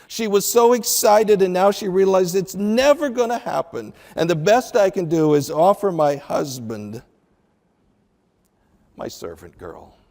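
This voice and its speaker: A man teaching a sermon as a Bible teacher, slow and deliberate with emphatic pauses. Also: high-pitched, animated, gravelly, darkish tone, big-room sound. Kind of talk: radio sermon.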